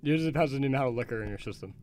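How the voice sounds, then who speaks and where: Quick-talking young guy telling stories. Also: mid-range voice, darkish tone, slight background noise. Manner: quick, storytelling with filler words. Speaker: podcast co-host. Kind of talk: casual chat.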